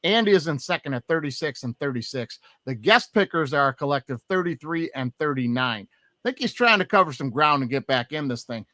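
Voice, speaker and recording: A man hosting a sports podcast, talking through football picks in a casual, animated way. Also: a little high, a little fast, no echo, clean studio sound. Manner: animated, swears when excited. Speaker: podcast host. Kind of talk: casual sports betting chat.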